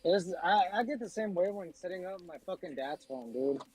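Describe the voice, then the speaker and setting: A man's voice: high voice, animated, moderate pace, a little mellow, breathy edge, dry recording, soft background music, rough recording. A man complaining in casual chat, swearing casually.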